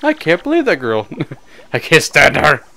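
A man riffs through a gameplay session with crude jokes and a quick laugh. His voice is bright and full of swing, a bit higher than most men, with faint music behind. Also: huge pitch swings, gravelly. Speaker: let's play host. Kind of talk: casual gameplay commentary.

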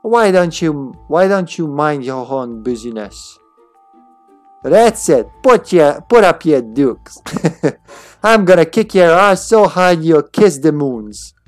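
A man's voice: a little high, lively intonation, unhurried, few pauses, faint music behind. A man voicing a brash, rude young female thief with a put-on Australian accent while reading game dialogue aloud. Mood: combative. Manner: loud, brash, combative.

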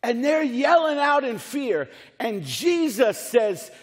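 Animated high-voiced pastor preaching. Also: male voice, slow pace, hardly any pauses, in a large hall. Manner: animated, jokey, repeats words. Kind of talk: sermon. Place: church sanctuary.

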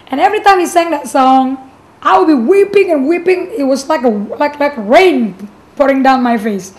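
A woman's voice: high-pitched, expressive, normal speed, a little mellow, poor audio. A woman pastor sharing her faith testimony in an earnest, emotional way, often restarting her sentences and adding "you know".

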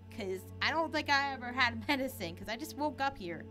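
An excitable young woman talking through a horror game, yelping and laughing at the scares. Her voice sits fairly high and leaps around a lot. Game music plays clearly behind her. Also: fairly quick, hardly any pauses. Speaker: let's play gamer. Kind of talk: casual gameplay commentary.

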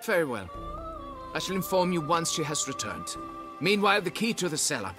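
A haughty, pompous nobleman in a video game, his voice rising and falling with lively, mannered inflection. He talks down to the listener and insists on proper respect. Game music plays steadily under the lines. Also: a little high, fairly quick. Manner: pompous, demanding deference. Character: pompous haughty male nobleman, vineyard owner. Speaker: nobleman hiring a witcher.

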